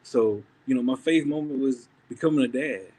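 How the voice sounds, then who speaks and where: A man, a church member and father, sharing an earnest faith testimony in a conversation, often pausing and restarting. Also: mid-range voice, warm tone.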